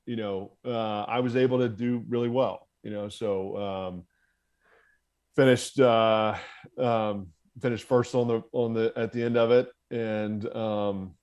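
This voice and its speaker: A man's voice: on the low side, steady tone, a little slow, darkish tone, clear, resonant tone. A man from the United States, a former Marine officer, telling his story as a podcast guest in a candid, profane way and laughing at himself. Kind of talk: casual storytelling in conversation.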